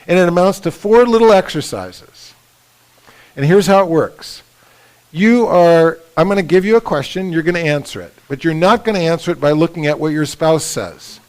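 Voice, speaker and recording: A man with a fairly high voice gives a relaxed, conversational teaching talk to couples at a retreat. He keeps checking in with his listeners, tossing out "right?" and "okay?", and slips into acted-out voices of husbands and wives as he talks. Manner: acts out quoted spouses in raised voices. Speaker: retreat speaker. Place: retreat conference room.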